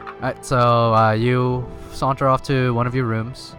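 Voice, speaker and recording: A man's voice: mid-range voice, flat delivery, measured pace, fairly bright tone, faint music behind. A man running a tabletop game as game master, describing scenes and asking players what they do. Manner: describes scenes and quizzes players on their moves.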